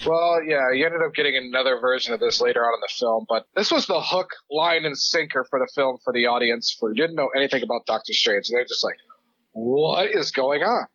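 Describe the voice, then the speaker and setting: A man's voice: mid-range voice, quick pace, few pauses, sharp tone, muffled recording. A man co-hosting a casual podcast, reacting and asking questions about a film. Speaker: podcast co-host. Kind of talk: casual movie chat.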